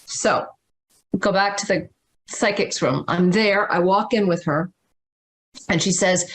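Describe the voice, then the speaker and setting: A woman guest speaking over a video call, telling a personal story in an emphatic, dramatic way, slowing down and repeating words for stress. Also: on the low side. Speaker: spiritual teacher and guest.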